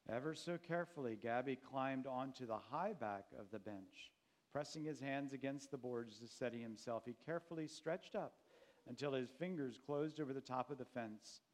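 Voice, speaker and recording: A man narrating a children's story in a gentle, measured way. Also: mid-range voice.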